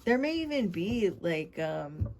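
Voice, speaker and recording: Woman tarot reader, lowish voice, unhurried and rambling, speaking to viewers. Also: very animated, darkish tone, slight background noise. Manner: meandering, talks straight to viewers. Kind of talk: tarot reading to camera.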